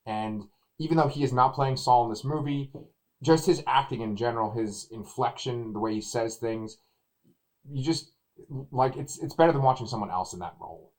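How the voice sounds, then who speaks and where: Man, casual movie review chat, animated, acts out quotes, mid pitch. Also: moderate pace, poor audio. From Texas.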